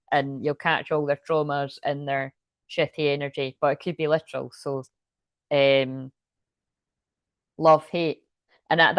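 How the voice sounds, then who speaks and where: A chatty woman reads tarot on a live stream, laughing often and drifting into asides. Her voice sits on the low side. The sound is dry and close. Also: no room sound. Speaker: tarot reader.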